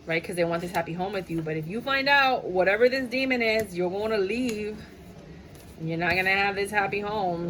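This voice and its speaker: A woman giving a lively, casual tarot reading, playful and chatty, slipping into quick impressions of the people she describes. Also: medium pitch, slight background noise, poor audio. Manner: animated, playful, sings and mimics clients' voices. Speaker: tarot reader.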